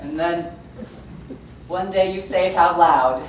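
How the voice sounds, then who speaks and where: A woman's voice: fairly low pitch, takes it slowly. Woman playing a rambling lonely theatre fan. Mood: wistful. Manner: chatty asides, wistful and rambling. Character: lonely middle-aged man, obsessive musical fan. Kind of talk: amateur stage musical acting. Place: theatre stage. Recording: echoey hall, mic far from stage, noisy.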